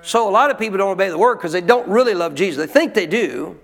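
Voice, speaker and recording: Emphatic high-voiced preacher in a reverberant hall. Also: male voice, lively intonation, fast, fairly bright tone. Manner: emphatic preaching with rhetorical questions. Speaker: pastor. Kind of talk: sermon.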